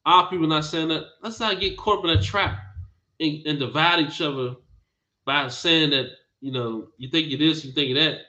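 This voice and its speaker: A man's voice: fairly high pitch, steady tone, normal speed, pushed and bright. A man preaching a Bible teaching sermon, emphatic and scolding, repeating phrases for force. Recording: dull lo-fi recording.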